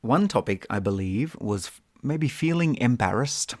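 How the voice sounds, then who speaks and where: A man's voice: medium pitch, animated, moderate pace, darkish tone, no room sound, studio quality. A man co-hosting an English-learning podcast, chatting casually and playfully, given to jokes. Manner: playful, jokes and does silly voices. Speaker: podcast co-host and English teacher.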